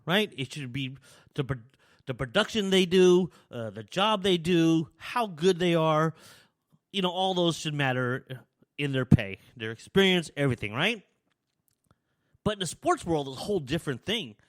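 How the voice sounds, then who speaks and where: A man's voice: a little high, animated, moderate pace. A man hosting his own talk show, giving a rambling, conversational opinion monologue with frequent restarts, a little out of breath. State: slightly out of breath. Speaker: podcast host.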